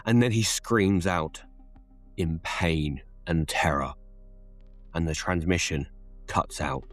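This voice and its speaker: A man narrates a scripted horror tale in a very low voice. He takes it slowly and deliberately, each line measured. Faint music sits underneath. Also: lively intonation.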